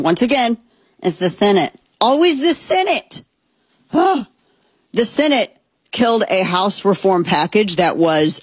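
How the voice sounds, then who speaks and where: A woman's voice: lowish voice, slightly rough, no room sound. A woman hosting casual political commentary, talking in a rambling, opinionated way with frequent restarts.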